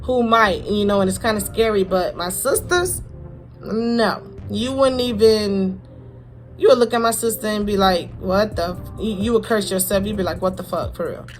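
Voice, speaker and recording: A young woman from Florida, telling a personal story to camera in a halting, repetitive, heartfelt way with casual slang. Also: mid-range voice, soft background music. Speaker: vlogger.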